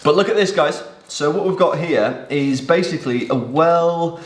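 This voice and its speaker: A man's voice: fairly high pitch, normal speed, a little hiss or hum. An English man demonstrates a bake on a live stream from his home kitchen. He describes the food with eager, rambling enthusiasm and plenty of fillers. The sound is roomy and echoey. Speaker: co-host cooking on a live stream. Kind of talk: casual cooking demonstration.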